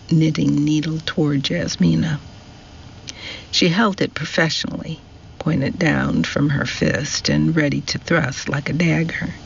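A man narrating a novel as an audiobook, in a slow, measured storytelling manner. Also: a little high, gravelly, highs cut off, a little hiss or hum.

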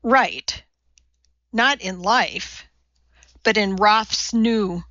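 A woman's voice: mid-range voice, drawn-out words, no echo, highs cut off. Woman voicing a wry, lecturing male minister. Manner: calm, lecturing.

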